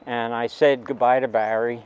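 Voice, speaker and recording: Older American man, halting anecdotal storyteller, mid-pitched. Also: flat delivery, darkish tone, clear, resonant tone, lo-fi sound. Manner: rambling, halting, with many restarts. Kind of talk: personal anecdote.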